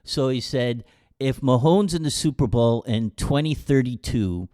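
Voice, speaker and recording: A man co-hosting a podcast, talking casually in a middle-pitched voice. He retells stories quickly and haltingly, stumbling over his words and filling gaps with fillers. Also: warm tone. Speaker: podcast co-host. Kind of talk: casual chat.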